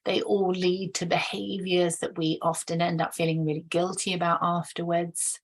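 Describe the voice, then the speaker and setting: A woman with a fairly low voice talks through relationship conflict at an easy pace. She is thoughtful and casual, restarting her sentences now and then. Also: flat delivery, normal speed. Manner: thoughtful, acts out quoted voices, many restarts. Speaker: relationship educator. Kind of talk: explaining to camera, casual.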